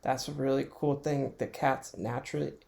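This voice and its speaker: A man's voice: mid-range voice, little pitch movement, moderate pace, vocal fry, dark tone. A man hosting his own podcast from home, talking through his thoughts in a rambling, reflective way and chuckling often. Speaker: podcast host. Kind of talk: casual solo monologue.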